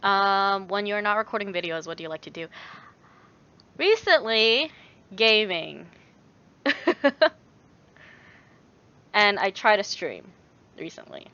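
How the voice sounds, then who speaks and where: A woman's voice: medium pitch, lively intonation, takes it slowly, pauses often, sharp tone, lo-fi sound. A young woman vlogger chatting casually on a livestream, rambling with lots of fillers and reading viewer messages aloud. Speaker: YouTuber answering chat.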